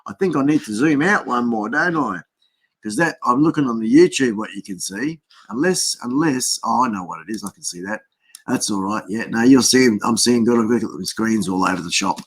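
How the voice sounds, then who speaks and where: A man's voice: medium pitch, lively intonation, moderate pace, husky. An Australian man hosting a casual live stream, chatting in a rambling way and greeting viewers by name, speaking into a built-in webcam mic.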